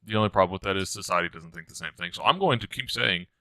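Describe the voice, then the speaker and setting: A young man in his twenties co-hosting a casual podcast, teasing and joking in quick banter. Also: low voice, lively intonation, sharp tone, no room sound. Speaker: podcast co-host. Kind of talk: casual chat.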